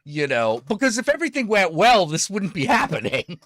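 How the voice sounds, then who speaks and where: An animated man co-hosting a loose comedy chat, with a mid-range voice that jumps around a lot. He swears freely and laughs between lines. The sound is dry and close. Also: sits high, a little fast, dry recording. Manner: animated, swearing, laughs often, slips into impressions. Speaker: podcast co-host.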